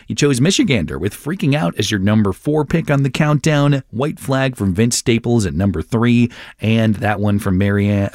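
Man, radio chart show host, upbeat countdown delivery, conversational, mid-pitched, dry close sound. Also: a little mellow, dry recording.

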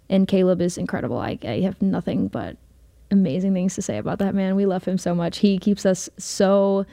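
A young woman in her twenties, a singer in a band, talks casually in a radio studio interview. Her voice is mellow and relaxed, she laughs often, and she leans on fillers and restarts. The sound is dry and close. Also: mid-range voice, no echo.

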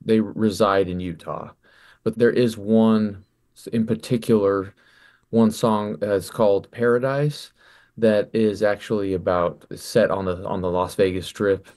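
Musician guest, male, forties, lowish voice, thoughtful and halting, on-air interview. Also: fairly even intonation, a little mellow. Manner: reflective, stumbles and repeats words. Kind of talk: relaxed radio interview talk.

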